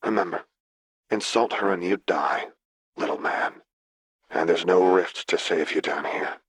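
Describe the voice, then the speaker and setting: A man's voice: low-pitched, measured pace, husky, dry recording. A man voicing a stern, protective young woman swordfighter in an audiobook, clipped and firm.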